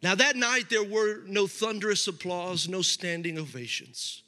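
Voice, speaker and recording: At a measured pace, a middle-aged man preaches as a pastor in a high-pitched, pushed and bright voice. The sermon feels loose and conversational, with many restarts, heard through hall reverb with faint music.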